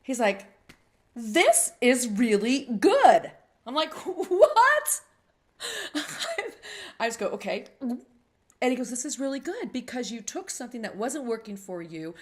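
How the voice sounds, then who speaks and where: A middle-aged woman hosts an interview in casual conversation. She tells her stories with lively energy and acts out the voices of the people she quotes. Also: fairly high pitch, a little fast. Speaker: host. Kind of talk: casual interview chat with storytelling.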